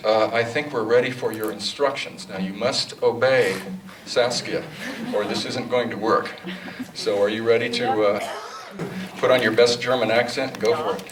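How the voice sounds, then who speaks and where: A man with a fairly low voice speaks casually to a cinema audience, pausing on "uh"s. He sounds distant, picked up from far off in a reverberant hall with steady background noise. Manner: relaxed and informal, with filler "uh"s. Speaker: director of a film restoration. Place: large cinema auditorium. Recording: echoey hall, far from the mic.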